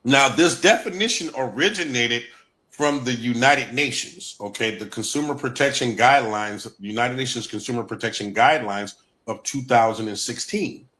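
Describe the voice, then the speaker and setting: A man's voice: medium pitch, moderate pace, pushed and bright. A man giving an emphatic livestream talk, repeating key points with a Black lilt. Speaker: guest presenter.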